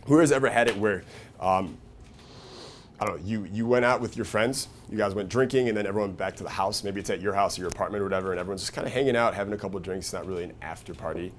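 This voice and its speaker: A man giving a casual, profane seminar talk to a live audience, often checking in with "right?" and "okay?" and acting out quoted people with sudden loud, high bursts. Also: very fast, a little hiss or hum. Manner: acts out quoted voices with big jumps in pitch and volume. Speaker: seminar speaker.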